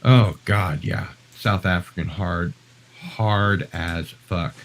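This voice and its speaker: A man's voice: low voice, takes it slowly, low-quality recording. An American man live-streaming, talking in a chatty, rambling, self-deprecating way. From United States. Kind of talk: casual live-stream chat.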